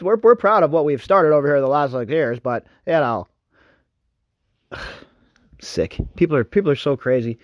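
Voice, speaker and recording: A man's voice: fairly high pitch, no room sound, dull audio. A male radio host giving a sarcastic, mocking, opinionated commentary monologue.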